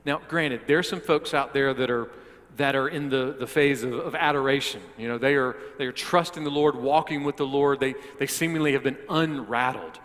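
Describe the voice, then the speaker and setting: A man's voice: mid-range voice, moderate pace, fairly bright tone. A male pastor preaching a sermon, often repeating words as he restarts and putting direct questions to the listeners. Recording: long hall reverb.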